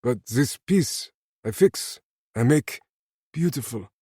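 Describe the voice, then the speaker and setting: A man's voice: mid-range voice, lively intonation, takes it slowly, darkish tone, slightly rough, dry recording, studio quality, pitched above the performer's own voice. Old jeweler man, voiced by a male narrator, thick accent, broken English, raised fussy voice. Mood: fussy, kindly. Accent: thick foreign accent.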